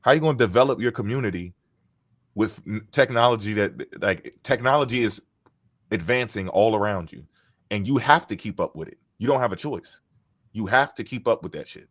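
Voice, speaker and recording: A man's voice: lowish voice, lively intonation, a little fast, fairly bright tone, dry recording, studio quality. A man in casual chat, mocking and heated as he rants, with frequent swearing. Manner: profane.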